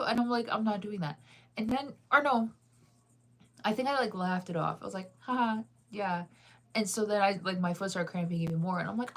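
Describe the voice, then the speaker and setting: A young woman telling a dating story in a casual, animated way, laughing often and jumping higher when she quotes herself. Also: brisk.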